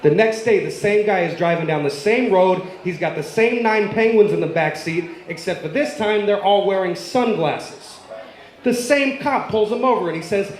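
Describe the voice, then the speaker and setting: A man's voice: high-pitched, echoey room, rough recording. A man doing stand-up, firing off short jokes one after another and ribbing the audience. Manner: rapid-fire punchline delivery, ribbing the audience. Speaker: stand-up comedian. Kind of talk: stand-up joke telling.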